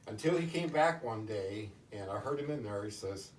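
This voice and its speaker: Low-voiced man telling ghost stories. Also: animated. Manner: halting, with many restarts and fillers. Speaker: interviewee. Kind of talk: casual storytelling in an interview. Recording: distant roomy recording with faint noise.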